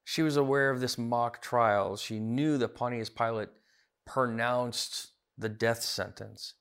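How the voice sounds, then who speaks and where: A man's voice: medium pitch, fairly even intonation, slow pace, creaky, fairly bright tone, clean tone. Earnest man preaching a sermon. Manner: earnest, rising emphatic repetitions. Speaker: pastor.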